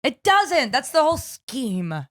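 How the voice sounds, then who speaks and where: A woman's voice: high-pitched, slow pace, dry recording, clean studio sound. A young woman co-hosting a podcast in casual chat, blunt and bantering, telling stories with energy. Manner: bantering, blunt, animated storyteller. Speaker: podcast co-host.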